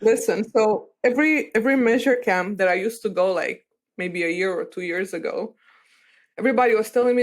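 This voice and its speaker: A woman's voice: mid-range voice, fairly quick. A woman from Eastern Europe chats as a podcast guest. She talks freely and candidly, drifting through stories with casual swearing. Her tone stays conversational throughout.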